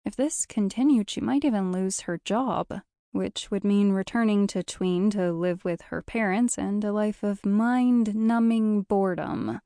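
Female audiobook narrator, warm and measured, close dry read. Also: mid-range voice, dry recording.

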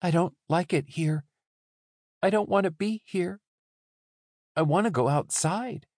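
A raised, strained voice for a troubled young man locked in an institution, put on by a male narrator. He speaks in a plaintive, accusing way, the words slow and sparse, recorded close and dry with no room sound at all. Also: high-pitched, animated, a little mellow, no room sound, pitched above the performer's own voice. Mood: tense, plaintive. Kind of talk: audiobook character voice.

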